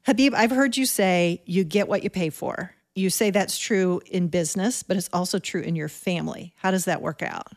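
A woman host reading smooth scripted narration and introducing a sponsor. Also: on the low side, moderate pace, few pauses. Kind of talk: scripted show narration and interviewing. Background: music bed.

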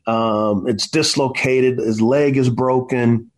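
Here an author in his forties, a guest on an interview, speaks slowly in a steady, medium-pitched voice. His impassioned storytelling has a preacher-like emphasis, and "man" comes up again and again.

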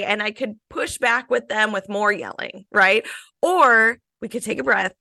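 A woman in her thirties, a guest author in a radio interview, speaks with a bright, slightly high voice. There is a gravelly fry in her tone, and she tells a personal story in a reflective way, close to a dry mic. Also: a little slow, no echo.

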